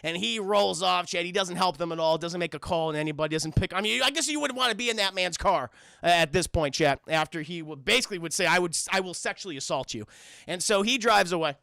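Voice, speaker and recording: A young man recapping a film on a casual live stream, talking straight to his chat, profane and animated. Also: sits high, quick pace, gravelly, dry recording, studio quality.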